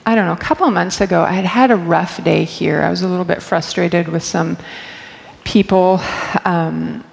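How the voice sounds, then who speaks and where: A middle-aged woman on church staff shares personal stories candidly and chattily, laughing often. Her voice is lowish with vocal fry, at a normal pace, and the recording has a long hall reverb.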